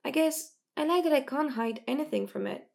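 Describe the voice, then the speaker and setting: A woman reading the part of a gentle, trusting teen girl in her own slightly gravelly voice. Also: high voice, expressive, fairly quick, pitched above the performer's own voice. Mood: musing. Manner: gentle, open.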